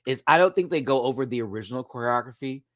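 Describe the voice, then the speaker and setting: A man giving a sassy, animated live video review of a drag competition show, laughing often as he talks. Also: mid-range voice, fast talker, muffled recording, a little hiss or hum.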